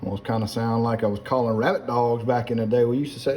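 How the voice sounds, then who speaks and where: A man's voice: mid-range voice, fairly even intonation, fast, a little mellow, slight background noise. Folksy South Louisiana man cooking. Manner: folksy and chatty, keeps addressing viewers as guys. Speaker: home cook. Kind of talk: casual cooking demonstration. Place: home kitchen. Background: pots and utensils clinking.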